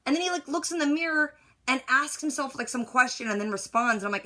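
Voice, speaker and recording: A woman with a high, bright, forceful voice talks fast and expressively, recorded on her side of a phone call. Exasperated and casual, she rambles through a movie recap, leaning heavily on "like."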